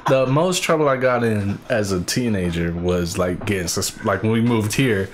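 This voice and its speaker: A man's voice: lowish voice, normal speed, a little hiss or hum. A young man from Oakland co-hosting a podcast, joking in slangy, casual talk. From Oakland, California. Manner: slangy, joking, says bruh. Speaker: podcast co-host.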